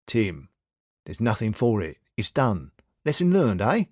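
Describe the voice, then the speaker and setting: A male narrator voices a steady, shrewd young detective who hands out blunt advice, wry and reassuring in tone. His pitch rises and falls lively at an unhurried pace, and the recording is close and dry with no room sound.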